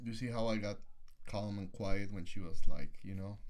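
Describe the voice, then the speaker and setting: A man's voice: lowish voice, fairly even intonation, normal speed, a little mellow. A young adult man co-hosting a casual relationship chat, talking loosely and rambling with repeated words. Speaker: podcast co-host.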